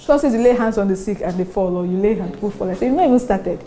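A Nigerian woman pastor preaching a sermon, animated and often laughing between her points. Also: mid-range voice, very fast. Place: church service with congregation responding.

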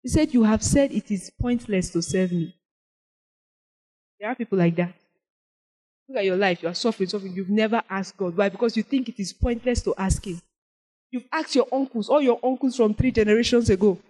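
A woman with a high, bright-pitched voice preaches to her congregation. She reads scripture in a slow, deliberate way. Then she presses her points with animated emphasis. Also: poor audio. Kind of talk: sermon.

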